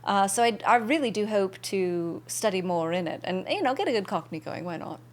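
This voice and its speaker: A woman's voice: medium pitch, lively intonation, normal speed. A young woman streaming a game, chatting casually and bubbly with viewers and thanking them by name.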